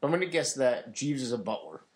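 A man co-hosting a podcast, chatting casually in an animated, joking way and laughing easily. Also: medium pitch, brisk. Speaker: podcast co-host. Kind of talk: casual chat.

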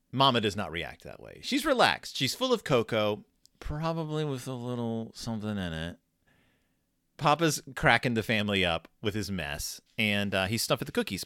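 Animated, wry man doing comedic commentary. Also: lowish voice, no echo, clean studio sound. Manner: wry, jokey, animated storytelling. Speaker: host reviewing a scratch-and-sniff storybook.

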